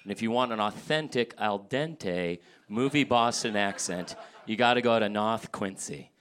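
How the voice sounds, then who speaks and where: Brash man riffing in bright voice. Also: medium pitch, slight background noise. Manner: brash, profane, building riffs. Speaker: comedy contestant. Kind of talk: improvised comedy riffing.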